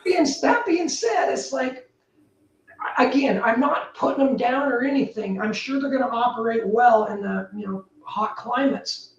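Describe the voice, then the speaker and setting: Animated high-voiced woman, roomy distant sound. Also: measured pace. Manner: animated and emphatic, with big pitch swings. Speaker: guest, building technology entrepreneur. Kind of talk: casual interview talk.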